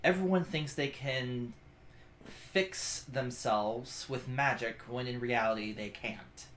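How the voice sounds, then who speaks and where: A stern, tired woman, as a male game master puts her on, sighing and curt as she scolds. Her lines come out low and quiet, disapproving and firm. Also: sing-song, normal speed, roomy sound, slight background noise. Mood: weary.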